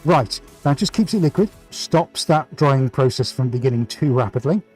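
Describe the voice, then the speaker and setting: A man's voice: mid-range voice, normal speed, husky, poor audio. Chatty guy painting on a livestream, upbeat, greeting everyone, bit of music in the back. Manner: energetic, chatty, greets viewers by name. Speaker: artist hosting a live stream. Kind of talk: casual live-stream chat while painting.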